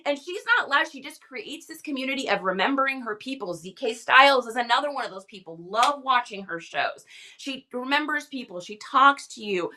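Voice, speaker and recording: A woman's voice: high voice, animated, brisk, sharp tone, a little hiss or hum. A middle-aged woman hosting a live reselling stream, chatting casually with lots of energy and enthusiastic tangents. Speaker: livestream reseller host. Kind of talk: casual livestream chat.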